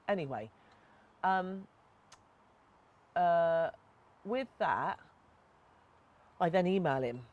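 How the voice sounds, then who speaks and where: A woman's voice: lowish voice, animated, slow, long pauses, a little mellow. A woman, a podcast co-host and author, retelling a story bluntly with plenty of swearing, recorded outdoors in a back garden. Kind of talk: casual chat, storytelling.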